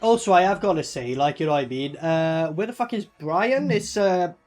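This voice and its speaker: High-voiced man ranting casually. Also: normal speed, faint music behind. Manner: profane, excitable, rambling with many fillers. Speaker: movie reviewer. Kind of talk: casual reaction commentary.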